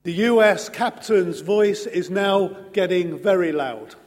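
A man preaching a sermon in an earnest, measured way, pausing slowly for emphasis. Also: high voice. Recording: long hall reverb.

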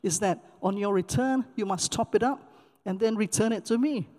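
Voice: mid-range voice, moderate pace, mellow, lightly acted. A pastor voicing a friendly male stranger in a sermon story, recorded with a long hall reverb. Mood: obliging.

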